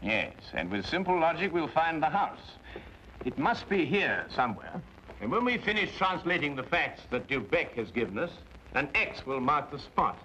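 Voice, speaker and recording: An actor playing a sharp, composed Victorian detective in a 1950s TV drama, with a British accent and brisk, methodical questioning. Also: male voice, a little high, big pitch swings, low-quality recording. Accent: British English. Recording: old TV soundtrack with faint hiss.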